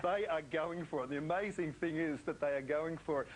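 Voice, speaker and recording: A male TV reporter speaks live from location. His voice sits a little high and he punches words for comic effect. A faint hiss lies under the sound. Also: fairly quick. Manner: playful, theatrical emphasis. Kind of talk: live TV cross.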